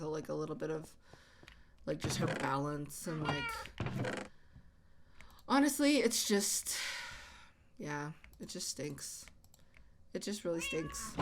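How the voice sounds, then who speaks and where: A woman host chatting casually while she plays, halting with many fillers and restarts, often sighing. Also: deep voice. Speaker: channel host. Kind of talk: casual chat while gaming. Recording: audible background noise.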